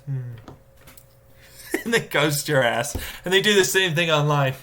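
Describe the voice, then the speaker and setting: A man live-streaming a casual rant, swearing and exasperated, mocking others with sudden high-pitched outbursts. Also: lively intonation, normal speed, bright, forceful tone, a little hiss or hum.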